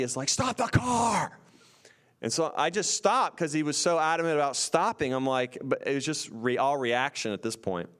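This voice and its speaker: Brief: young man, animated storyteller, mid-pitch, loud yelling bursts. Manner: excitable, acts out screams and voices.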